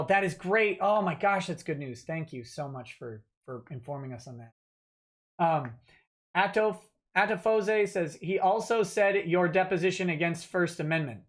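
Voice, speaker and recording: A man's voice: sits high, expressive, normal speed. A man hosting a livestream, reading donor messages aloud and replying off the cuff with many fillers and restarts. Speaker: livestream host reading donations. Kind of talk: casual livestream chat.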